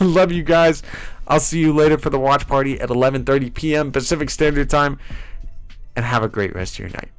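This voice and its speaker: A man's voice: medium pitch, brisk, clear, resonant tone, no room sound, soft background music. A man hosting a casual livestream, upbeat and hyped, reading viewer comments aloud, with a stuffy nose from allergies. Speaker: livestream host.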